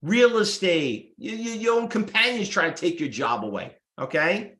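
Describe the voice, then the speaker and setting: A brash man runs a trading workshop, blunt and salesy, peppering the class with rhetorical questions. His voice sits a little high, and the room around him rings with echo. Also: very animated, normal speed, pushed and bright. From United States. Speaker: trading instructor. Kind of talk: live workshop teaching. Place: room with live students.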